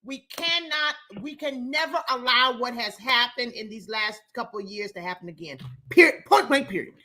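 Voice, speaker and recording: Woman host, high bright voice, emphatic and repetitive, cuts in on callers. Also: lively intonation, normal speed, a little hiss or hum. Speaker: call-in show host. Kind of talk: casual call-in talk.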